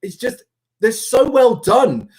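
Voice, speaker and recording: A young man hosting a livestream, chatting casually with viewers in an animated, rambling way. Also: extremely high pitch, takes it slowly. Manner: chatty, animated, self-interrupting. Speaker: livestream host. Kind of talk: casual live chat with viewers.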